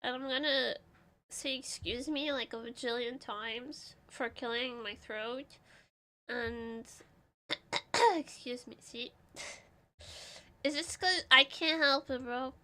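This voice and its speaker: A young woman streaming casually, congested and clearing her throat, playful and giggly with dramatic outbursts. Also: sits high, takes it slowly, pauses often, sharp tone.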